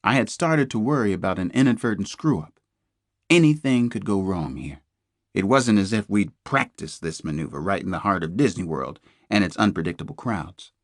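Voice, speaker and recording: Low-voiced male thriller narrator. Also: lively intonation, moderate pace, no echo, clean studio sound. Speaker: audiobook narrator. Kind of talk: scripted first-person narration.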